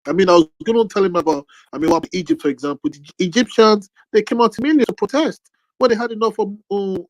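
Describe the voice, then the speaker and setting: Brief: male co-host, fast, calming, rambling, high voice. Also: no echo, poor audio. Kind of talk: live debate.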